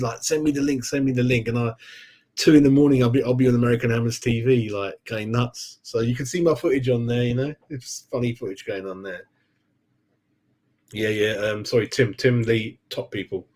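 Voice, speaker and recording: A man's voice: mid-range voice, a little mellow. A man hosting a football fan channel, chatting on a live stream in a rambling, easygoing way, laughing often and calling his viewers mate. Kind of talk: casual live-stream chat.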